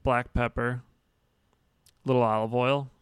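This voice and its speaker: A man's voice: mid-range voice, little pitch movement, a little slow, clear, resonant tone, dry recording, studio quality. A man co-hosting a podcast in casual chat, rambling and joking with a lot of swearing. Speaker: podcast co-host.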